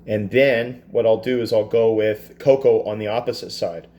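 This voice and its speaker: A man teaching a cooking class, talking through a dessert step by step in a relaxed, chatty way with self-deprecating asides. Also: lowish voice, normal speed. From Canada. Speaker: culinary teacher. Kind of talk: cooking demonstration. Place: school kitchen.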